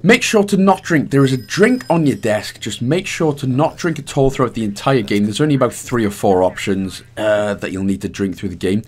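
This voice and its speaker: A man's voice: mid-range voice, lively intonation, a little fast, few pauses. Chatty Welsh man narrating a game guide. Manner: chatty, rambling, self-mocking. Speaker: gaming guide host. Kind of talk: casual walkthrough commentary.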